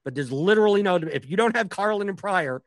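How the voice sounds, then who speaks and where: A man's voice: high voice, lively intonation, fast, no echo. A man who is a stand-up comic, telling stories in a casual podcast conversation, rambling with many restarts and fillers. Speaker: stand-up comic and professional poker player.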